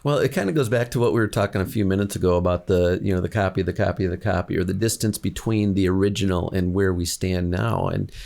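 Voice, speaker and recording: A man speaking slowly and reflectively as a podcast guest, pausing often with fillers. His voice is deep, with a gravelly rasp. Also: darkish tone. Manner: thoughtful, measured, with many fillers. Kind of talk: casual chat, reflective faith talk.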